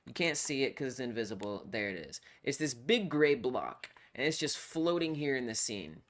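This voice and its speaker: A game developer on a live coding stream, thinking aloud while debugging, excitable and self-talking. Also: mid-range voice, normal speed.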